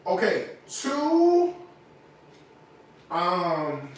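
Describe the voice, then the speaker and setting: A man's voice: high-pitched, wildly swooping pitch, very slow, roomy sound, slight background noise. A man hosting a casual home cooking tutorial in his kitchen, sassy and profane, tipsy from liquor as he rants about bad food. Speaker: home cook, cooking show host.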